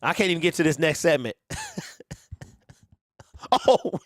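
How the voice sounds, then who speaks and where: A man's voice: fairly high pitch, measured pace, dry recording, clean studio sound. A man hosting a sports talk show, chatting casually, laughing hard and often and repeating his words.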